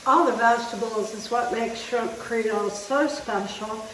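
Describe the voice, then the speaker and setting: A woman's voice: fairly high pitch, a little slow, a bit bright. A woman, chatting to viewers as she demonstrates a recipe in her kitchen. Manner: chatty, folksy, talks to viewers while chopping. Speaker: home cook demonstrating a recipe. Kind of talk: casual cooking demonstration. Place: home kitchen. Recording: roomy kitchen, mic at a distance, faint noise.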